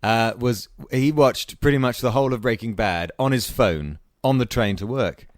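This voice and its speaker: A man's voice: medium pitch, normal speed, no room sound. A man co-hosting a podcast in a radio studio, chatting casually and joking with mock outrage. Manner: animated, jokey, mock-outraged. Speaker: podcast co-host. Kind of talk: casual chat.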